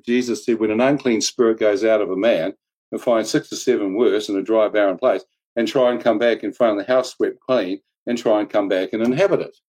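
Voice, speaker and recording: A man's voice: medium pitch, darkish tone, poor audio. A man telling a dramatic personal testimony in a loose, conversational way. He laughs often, drops in slang, and his voice jumps sharply upward whenever he acts out what someone said. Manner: colloquial slang, "mate", "flippin'". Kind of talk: animated personal storytelling.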